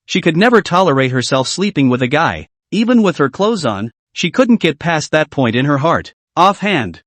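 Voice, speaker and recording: A man narrating a comic manhwa story in a brisk, matter-of-fact way. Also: on the high side, fairly bright tone, no room sound. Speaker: recap narrator.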